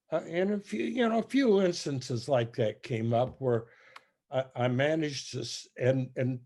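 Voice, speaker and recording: An older man telling stories as a guest musician, halting and rambling with many restarts. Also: mid-range voice, a little mellow. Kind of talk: casual storytelling.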